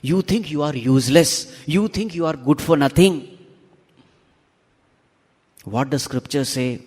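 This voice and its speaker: A man's voice: fairly high pitch, measured pace, pauses often, a little mellow, slightly rough. A man giving a spiritual discourse, asking the audience rhetorical questions and repeating key phrases for emphasis. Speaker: swami teaching scripture. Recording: long hall reverb.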